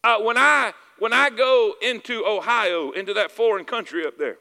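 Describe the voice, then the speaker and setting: A man with a Southern US accent preaches a sermon, his voice high and bright, cutting through the room. He keeps asking the congregation for an amen and hammers his points home by repeating them. A long reverb from the hall trails behind every line. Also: moderate pace, vocal fry. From Southern United States. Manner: calls for "amen" and "y'all with me", repeats phrases for emphasis. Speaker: pastor.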